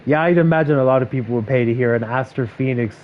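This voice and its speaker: A man's voice: mid-range voice, fast, muffled recording, a little hiss or hum. A man with a Waterford Irish accent chatting casually and laughing as he streams a game. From Ireland. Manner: chatty, amused, laughs often. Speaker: streamer and voice actor. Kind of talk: casual live-stream chat while gaming.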